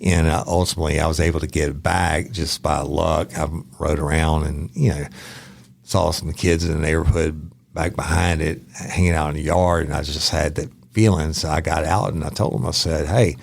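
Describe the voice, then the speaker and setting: A former detective co-hosting a podcast, telling a profane, blunt story in casual chat. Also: male voice, extremely low pitch, level tone, normal speed, gravelly, no room sound.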